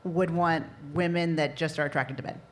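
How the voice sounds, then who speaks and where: A woman's voice: sits low, fairly even intonation, moderate pace. A woman on a podcast panel speaking in an earnest, hesitant way. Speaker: panel guest. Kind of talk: casual panel chat. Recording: faint background noise.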